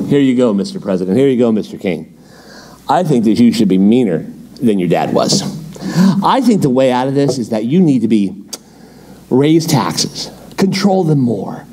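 A man voicing a brash, foolish young male adviser to a king, giving smug, offhand advice in a lower voice than his own. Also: warm tone, husky.

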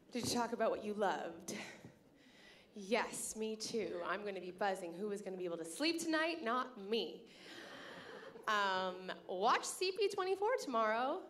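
Woman host, from Canada, live stage emcee, chatty storyteller. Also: mid-range voice. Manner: chatty, grateful, storytelling with many fillers. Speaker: festival organizer and host. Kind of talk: onstage emcee speech to a live audience. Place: live theatre stage at a festival.

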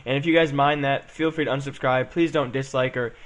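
A man's voice: medium pitch, steady tone, brisk. A young man chatting casually as he plays and comments on a game, rambling and saying "um" and "guys" a lot. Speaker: gaming channel host.

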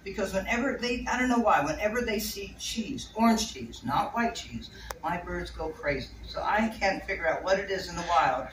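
A woman's voice: medium pitch, expressive, moderate pace. A woman giving a casual talk about keeping birds, chatty and rambling, laughing often. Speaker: bird keeper giving a talk. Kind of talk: casual talk to a small audience. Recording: echoey room, distant mic, faint noise.

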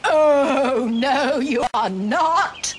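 A woman voicing a big, bold male billy goat who bellows his words loud and drawn out. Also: high-pitched, drawn-out words, a little hiss or hum. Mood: defiant.

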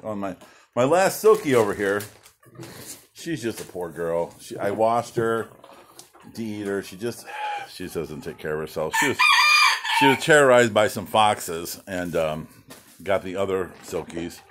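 A man in his fifties, short of breath and coughing between sentences, rambles playfully to his hens outdoors. His voice sits low but swings widely in pitch. Faint clucking carries in behind him. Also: lively intonation, unhurried, noisy background. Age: 50s. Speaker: backyard chicken keeper. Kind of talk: casual vlog chat. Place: outdoors at a chicken coop. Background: hens clucking and roosters.

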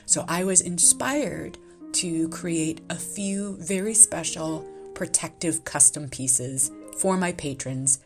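A woman art vlogger chatting softly and warmly, gushing and often laughing. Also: low-pitched, slow pace, music in the background. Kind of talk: casual vlog chat and voice-over narration.

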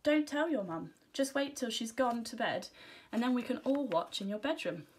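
A woman's voice: mid-range voice, normal speed, breathy edge. A woman doing Chloe, a bossy schoolgirl. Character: bossy know-it-all schoolgirl.

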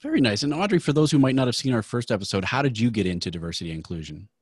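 A man's voice: mid-range voice, animated, very fast, husky, no room sound, studio quality. A man with a Minnesota accent hosting a webinar show, chatty and upbeat, with frequent fillers. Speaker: host.

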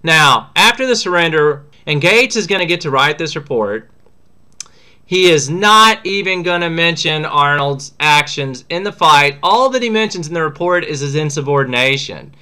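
A man's voice: fairly high pitch, expressive, normal speed, pushed and bright, smooth. A man teaching a history lesson in a casual, slangy way, acting out what historical figures say. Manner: chatty, slangy, acts out quotes.

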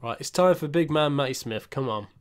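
A young man giving casual, self-mocking commentary while playing a football management game, muttering asides and breaking into excited outbursts. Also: on the high side, brisk, clean tone. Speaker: gaming YouTuber.

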